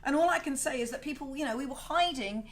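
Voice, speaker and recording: Middle-aged host, slightly high pitch, rambling, profane, openly emotional. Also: female voice, fast. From South Wales. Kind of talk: casual livestream rant.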